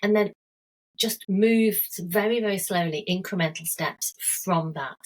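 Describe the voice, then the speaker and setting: A woman's voice: fairly low pitch, poor audio. A woman, a health coach guest, talking earnestly and telling stories with everyday examples in a conversational interview.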